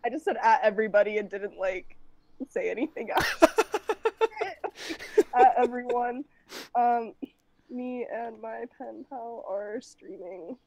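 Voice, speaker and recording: A woman chatting casually as a guest on a livestream, giggly and rambling, and a bit hoarse from losing her voice. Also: a little high, lively intonation, slow, long pauses, a little mellow, no echo, poor audio. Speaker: guest streamer. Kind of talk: casual chat while livestreaming.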